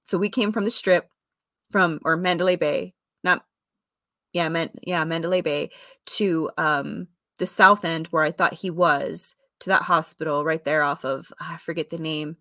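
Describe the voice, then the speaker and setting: A woman candidly telling a personal story in a rambling way, often correcting herself, with fillers and soft laughs. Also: low-pitched, fairly even intonation, unhurried, no echo, studio quality.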